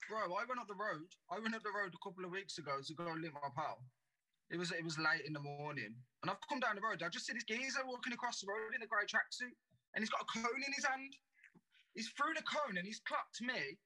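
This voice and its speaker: Quick, bright-voiced lad. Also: male voice, sits high, animated, poor audio. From Birmingham, England. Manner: fast, sweary storytelling. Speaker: podcast guest. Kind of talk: casual chat.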